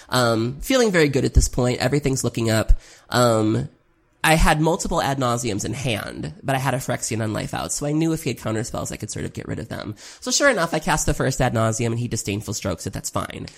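A competitive card game player tells a long tournament story in a casual, unscripted recap, using a gravelly, fry-edged, middle-pitched voice that's animated and fairly quick. They rely on filler "um"s, swear here and there, and keep blaming themself.

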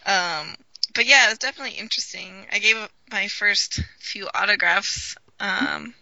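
A woman co-host telling stories in a wry, laughing way. Her mid-range voice is extremely bright and sharp-edged. The recording is dry and slightly dull. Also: medium pitch, a little fast, no room sound. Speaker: podcast co-host. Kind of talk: casual chat.

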